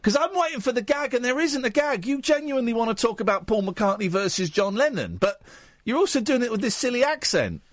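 A man hosting a late-night radio phone-in, teasing and stumbling over quick restarts. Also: very high voice, big pitch swings, no room sound. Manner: playful, teasing, stammering restarts. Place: radio studio. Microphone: studio microphone.

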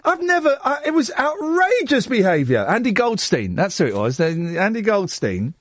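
A man's voice: high-pitched, moderate pace, no room sound. A man, hosting a late-night radio phone-in in a chatty, self-mocking way. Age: 40s. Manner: chatty, self-mocking, lively banter with the studio team.

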